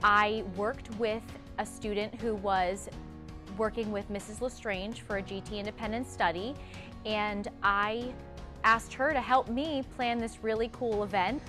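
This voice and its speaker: A woman teacher speaks in a relaxed, mid-pitched conversational voice. Music plays clearly underneath. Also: unhurried. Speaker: teacher interviewed. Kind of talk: interview answer.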